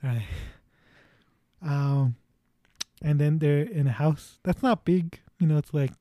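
Dark-toned young man rambling through a plot. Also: a little high, takes it slowly, no room sound, clean studio sound. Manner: rambling, laughing, swearing casually. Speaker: friend in a movie discussion. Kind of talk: casual chat, retelling a movie plot.

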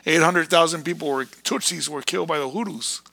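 A man ranting in a fiery, erratic preaching monologue, breaking into sudden shouted bursts. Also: a little high, a little fast, creaky.

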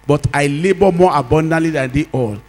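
A man's voice: fairly high pitch, brisk, darkish tone, rough recording. A Nigerian man preaching a sermon as pastor, leading call-and-response and drawing out sung phrases.

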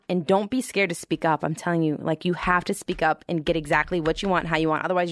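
A young woman telling the story of founding her brand in a chatty, expressive way. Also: fairly low pitch, no echo, studio quality. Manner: chatty and expressive, with animated quoted reactions. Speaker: founder of a hair-friendly hat brand. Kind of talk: casual storytelling to camera.

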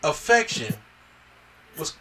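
A slow-talking man on a podcast is heard over a distant mic with lots of noise. As host, he recaps a film in a casual review, retelling it animatedly and performing the characters' lines.

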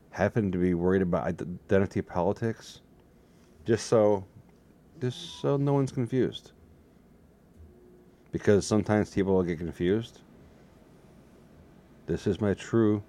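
A man talking alone to his webcam in a rambling, self-mocking way, with a slightly hoarse voice. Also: low voice, warm tone. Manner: self-mocking, jokey, drifts between topics. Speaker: solo vlogger. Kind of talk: rambling casual monologue to camera. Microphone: desk setup facing a webcam.

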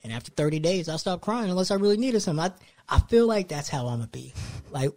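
A man's voice: a little high, fast talker. A young man chats casually as a podcast host. He tells stories with a lot of animation and jumps into other people's voices when he quotes them. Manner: animated storytelling, acts out quoted lines. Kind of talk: casual chat.

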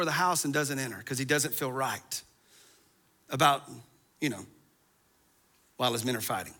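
A man's voice: medium pitch, moderate pace, long pauses, bright, forceful tone. A man preaching a sermon, moving from conversational asides to fervent, impassioned appeals. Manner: preaching, building to impassioned crescendos. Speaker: pastor.

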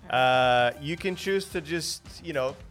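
A man's voice: a little high, unhurried, a bit bright, soft background music. A man whose first language is Portuguese, speaking English with a slight Portuguese accent, co-hosting a podcast in an easygoing, joking way. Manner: easygoing, joking, hesitant fillers. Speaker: podcast co-host asking questions. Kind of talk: casual chat.

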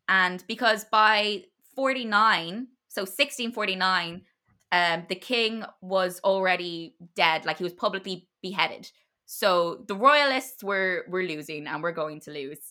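Bright-voiced woman telling history casually. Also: mid-range voice. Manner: loose and chatty, with many fillers and restarts. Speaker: podcast co-host telling a history story. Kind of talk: casual storytelling chat.

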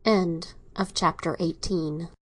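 A woman narrating an audiobook in an even, measured reading voice. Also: fairly low pitch. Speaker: volunteer audiobook reader.

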